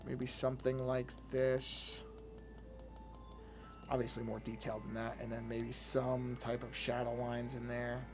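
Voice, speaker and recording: A man's voice: medium pitch, completely flat delivery, a little slow, faint music behind. A man streaming his drawing session, thinking aloud in a casual, hesitant way, often trailing off and restarting his sentences. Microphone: desk microphone.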